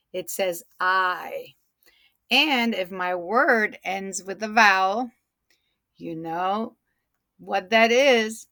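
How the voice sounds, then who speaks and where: A woman teaching a phonics lesson to young students, saying each word slowly and repeating it so they can hear the sounds. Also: mid-range voice, a bit bright, no echo, clean studio sound. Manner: slow, deliberate, stretches and repeats words.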